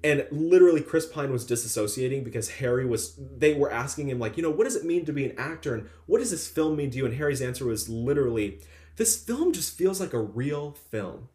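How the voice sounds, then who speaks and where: A man's voice: mid-range voice, fast talker, few pauses, roomy sound. A young man co-hosting a casual podcast, gossiping animatedly and acting out what others said. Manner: animated gossiping, acts out quotes. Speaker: podcast co-host. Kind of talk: casual chat.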